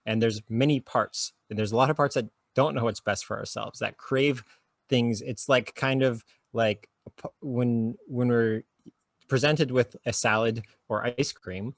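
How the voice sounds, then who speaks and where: Calm therapist guest, male, a touch of fry, dry recording. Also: mid-range voice, no room sound. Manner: slow soothing guided instructions. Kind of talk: calm guiding conversation.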